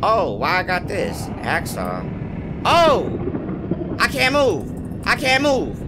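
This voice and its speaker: A man's voice: sits high, sing-song, slow, very noisy. A young man playing a horror game, yelping and bantering to his viewers in slangy casual talk. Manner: jumpy, yelps and talks to the game. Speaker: gaming YouTuber.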